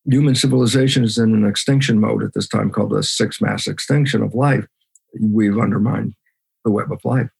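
A man's voice: on the low side, fairly even intonation, brisk, vocal fry, a little mellow, husky. A man being interviewed as a guest biologist, talking emphatically and animatedly. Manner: emphatic, acts out his own side of conversations.

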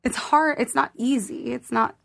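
A woman's voice: high voice, normal speed, creaky, a bit bright. A woman guest on a podcast speaking earnestly in casual conversation, leaning on "like" as she thinks aloud. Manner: earnest, fillers of "like", thoughtful.

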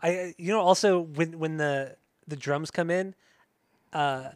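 Brief: male podcast co-host, slightly high voice, dry close mic, casual and profane. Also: a little slow, clear, resonant tone, no echo. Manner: profane, bursts into singing along. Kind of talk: casual music podcast chat.

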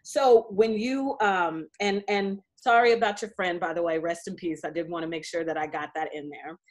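A woman hosts a relaxed interview in an encouraging tone. She asks her guest guided follow-up questions. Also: fairly low pitch, moderate pace. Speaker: host. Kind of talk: casual interview.

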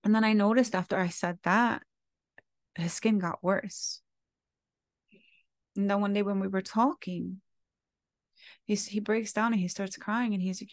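A woman's voice: mid-range voice, normal speed, pauses often, no room sound, studio quality. A woman hosting her own podcast, talking in a candid, heartfelt and confessional way, with the odd casual swear. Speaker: podcast host. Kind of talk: candid reflective monologue.

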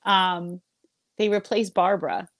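A woman guesting on a podcast, chatting casually and reacting quickly. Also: mid-range voice, steady tone, a bit bright, dry recording. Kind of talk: casual chat.

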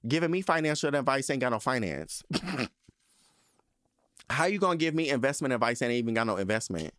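A man's voice: medium pitch, expressive, moderate pace, a bit bright, no echo, clean studio sound. A man hosting a podcast, ranting in a casual, sassy and profane way with lots of emphasis. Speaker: podcast host.

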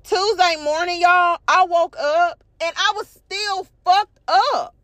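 A young woman, congested from allergies, telling a profane, animated story to her viewers and calling them y'all. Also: extremely high pitch, slow, no echo. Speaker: vlog host. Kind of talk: casual storytelling rant.

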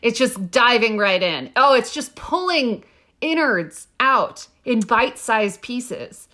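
A woman guest expert in casual podcast chat, excitable and quick to laugh and exclaim. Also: on the high side.

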